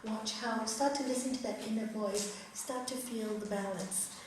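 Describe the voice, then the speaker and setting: A middle-aged woman giving an earnest, expressive spiritual talk as a raja yoga teacher to an audience in a hall. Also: a little high, normal speed. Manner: earnest, expressive, acts out quotes. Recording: echoey hall, distant mic, faint noise.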